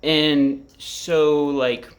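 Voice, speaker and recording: A man's voice: fairly high pitch, flat delivery, extremely slow. A man in his forties rambling candidly about his feelings in a vlog, swearing freely and leaning on lots of fillers, recorded in his apartment. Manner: rambling, profane, heavy with fillers. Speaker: vlogger. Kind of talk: candid personal reflection to camera.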